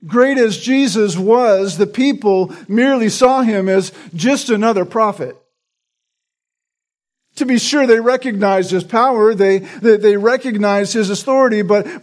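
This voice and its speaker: A pastor with a high, unhurried voice preaches an expository Bible study. He often repeats words as he teaches and checks in with listeners by asking "right?".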